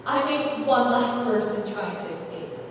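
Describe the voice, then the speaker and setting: A woman's voice: fairly high pitch, lively intonation, measured pace. A young woman giving an intense, theatrical oral interpretation performance as a student performer. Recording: echoey hall, distant mic, ambient noise.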